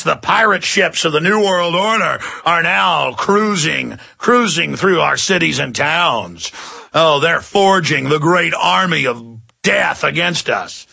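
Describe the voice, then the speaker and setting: A man hosting a radio talk show, delivering heated, sarcastic political rants full of mocking drawn-out "oh"s. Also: a little high, gravelly, sharp tone, slightly rough, no room sound. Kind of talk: ranting political commentary.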